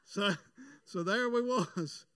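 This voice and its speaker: A man's voice: high voice, takes it slowly, pushed and bright, no room sound. A man, telling a folksy story in a sermon that builds into fervent preaching.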